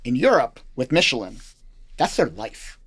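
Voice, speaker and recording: A man's voice: mid-range voice, sing-song, moderate pace, a bit bright, slightly rough. A man who is a chef and restaurant owner, talking bluntly and with animation as a guest in a casual interview, swearing freely.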